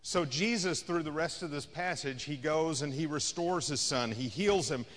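A man's voice: fairly high pitch, moderate pace, a bit bright, in a large hall. A man preaching a sermon as a pastor, in a conversational style that rises and falls in intensity. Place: church sanctuary.

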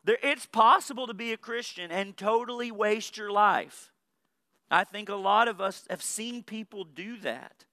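A man's voice: high-pitched, a little slow, sharp tone, no echo. A man in his thirties from Saline County in the United States, preaching a sermon with earnest points and humorous personal stories. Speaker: pastor.

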